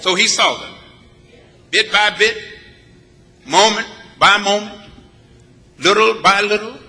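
A preacher from Texas delivering a sermon in a church, speaking in a rhythmic, emphatic style with many repeated phrases. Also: male voice, high voice, slow pace, sharp tone. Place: church sanctuary. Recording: long reverb of a large church. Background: congregation answering back.

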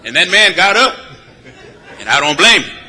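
A preacher from Texas delivering a sermon in a church, speaking in a rhythmic, emphatic style with many repeated phrases. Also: male voice, high voice, very animated, normal speed, a crowd in the background, noisy background. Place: church sanctuary. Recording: long reverb of a large church. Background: congregation answering back.

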